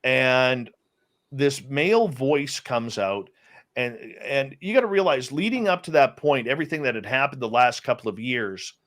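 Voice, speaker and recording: A man in an interview chat tells a personal story with animated energy. His voice sits at a middling pitch, and he often stumbles and restarts his sentences. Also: moderate pace. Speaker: interview guest, radio host.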